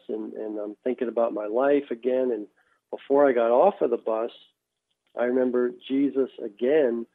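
Man telling his testimony over a phone line. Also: mid-range voice. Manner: halting, repeats words as he restarts. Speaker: guest. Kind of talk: telling a personal faith testimony.

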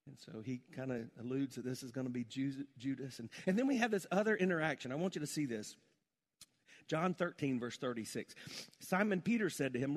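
A man preaching a sermon as pastor, swinging between emphatic exclamations and hushed prayer. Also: mid-range voice, fast talker, in a large hall. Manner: animated, rising to emphatic exclamations then dropping to hushed prayer.

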